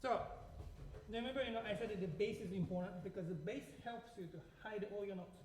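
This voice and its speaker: A man's voice: high voice, a little fast. A man teaching a piano masterclass, explaining to his class with frequent questions while demonstrating at the piano. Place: echoey classroom. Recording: echoey room, distant mic. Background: piano playing.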